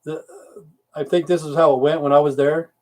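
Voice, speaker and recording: A man's voice: on the high side, little pitch movement, brisk, warm tone. A middle-aged man, a military veteran, hosting a casual livestream, reading viewer comments aloud and answering them in a rambling, profane, grumbling way. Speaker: livestream host.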